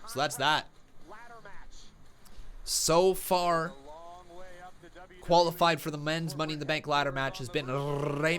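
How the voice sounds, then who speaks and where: A young man hosting a live watch-along stream, giving casual commentary that flares into loud excited outbursts. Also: fairly high pitch. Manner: excitable, bursts into loud shouts.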